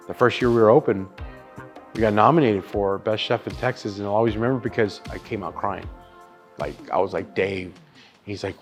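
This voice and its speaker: A man in his thirties, a barbecue chef, telling stories in a casual interview, animated and profane. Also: lowish voice. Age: 30s.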